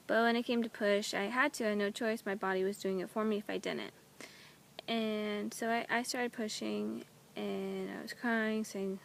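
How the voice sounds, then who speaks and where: A woman's voice: medium pitch, vocal fry, slight background noise. A young woman, a new mother, telling her personal story at home in a candid, emotional way, with frequent halts and restarts.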